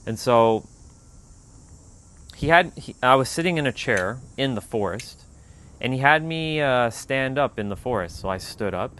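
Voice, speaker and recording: A man hosting a spiritual livestream, telling a personal story in a relaxed, rambling way with lots of "like.". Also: medium pitch, a little slow, a little hiss or hum.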